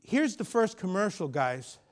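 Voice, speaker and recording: A middle-aged man preaching a sermon, telling a personal story and rising to loud, emphatic peaks. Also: high-pitched, sing-song, a little slow. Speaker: pastor.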